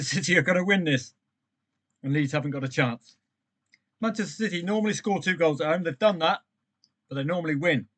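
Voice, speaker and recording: A man runs a live stream on football trading. He chats along as matches unfold and calls on viewers by name. His voice sits a touch high for a man. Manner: chatty, animated, addresses viewers by name.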